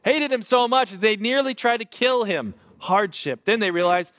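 A man in his thirties, a pastor preaching a sermon and telling a lively family story with self-deprecating humor. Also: sits high, moderate pace, dry recording, clean studio sound.

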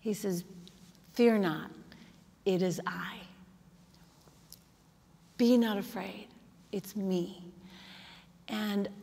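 A woman pastor preaching a sermon in an earnest, conversational way, often saying "like" and "kinda.". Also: mid-range voice. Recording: long hall reverb.

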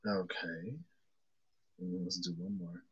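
A lower-voiced man gives a loose, meandering tarot reading for an audience watching along. He thinks aloud and piles up fillers and half-finished sentences, and the sound is close and dry. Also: flat delivery, slow, a bit bright, breathy edge, no echo, muffled recording. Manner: greets viewers by name mid-reading. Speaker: tarot reader. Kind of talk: casual tarot reading stream.

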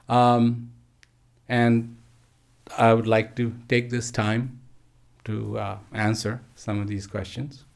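A man telling a parable and answering questions in a measured way, pausing often. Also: medium pitch, vocal fry, darkish tone. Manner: slow, measured, pauses often. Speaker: speaker. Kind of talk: parable and Q&A talk. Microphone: live online stream.

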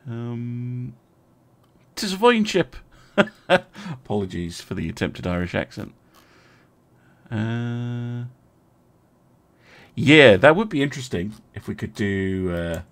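Deep and creaky, this young man's voice carries casual commentary over a strategy game he's streaming. He thinks aloud and chats with viewers, leaning heavily on ums and uhs to fill the pauses.

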